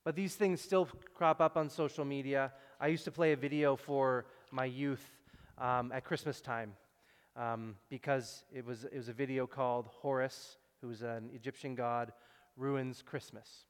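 A man preaching a sermon in a relaxed, conversational way, acting out quotes and adding wry asides. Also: medium pitch, a little slow, clean tone. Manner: conversational, acts out quotes, self-deprecating asides. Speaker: pastor. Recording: long reverb in a large hall.

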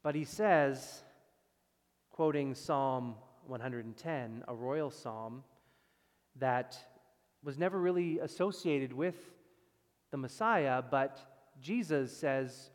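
A man preaching a sermon as pastor, with emphatic loud stresses that drop to quiet, low passages. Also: takes it slowly. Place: church sanctuary. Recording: long reverb of a church hall.

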